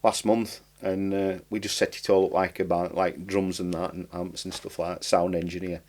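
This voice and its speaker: A man's voice: low-pitched, little pitch movement, normal speed, a little mellow. A man with a Barnsley accent, chatting as a podcast guest in a rambling way, with broad dialect and dropped words. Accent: Barnsley, South Yorkshire. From Barnsley, England. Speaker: podcast guest, writer and comedian. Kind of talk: casual interview chat.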